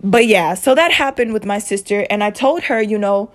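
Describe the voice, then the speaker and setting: A woman's voice: medium pitch, normal speed, hardly any pauses. A young woman vlogger telling a personal story to her viewers in a blunt, emphatic way, swearing freely and repeating herself. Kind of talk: casual storytime vent.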